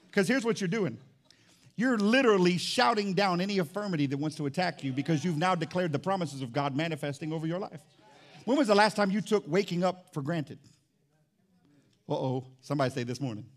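A man preaching a lively sermon as pastor in a church, swinging between shouts and low asides. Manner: animated, shouts and drops low, playful asides. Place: church sanctuary.

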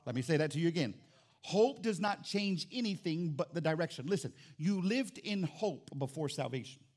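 A male pastor preaching an animated sermon in church, calling out to the congregation and acting out little scenes. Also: fairly high pitch, normal speed. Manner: animated, acts out quotes, calls out to congregation.

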